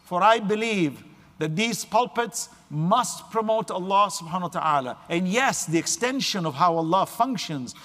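A man's voice: sits high, expressive, normal speed, a bit bright, big-room sound. A man preaching an earnest religious sermon to a gathering, emphatic, with recited Arabic scripture.

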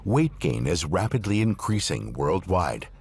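A man reading scripted documentary narration in a measured, expressive way. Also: low voice. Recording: narration over clear music.

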